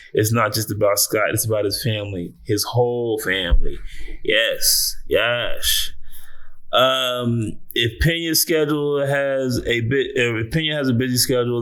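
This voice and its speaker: A man riffing on a commentary vlog in loose, slangy talk. His voice sits in the middle of the usual male range but jumps sharply upward when he gets worked up, and he curses and laughs along the way. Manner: animated, exclaims in sudden high bursts, laughs often; slangy, swears freely. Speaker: entertainment news host.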